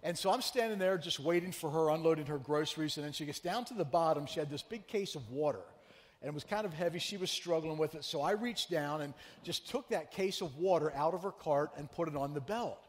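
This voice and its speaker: A man preaching a sermon as pastor, telling a story in a chatty, animated way and teasing his congregation. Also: on the high side, fairly quick, big-room sound. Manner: conversational, animated storyteller who teases the congregation. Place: church sanctuary.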